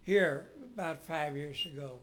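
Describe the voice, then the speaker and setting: A man's voice: fairly high pitch, a little hiss or hum. A man preaching a sermon in a folksy, storytelling way, rising dramatically when he quotes. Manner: folksy, slow, with dramatic rises when quoting.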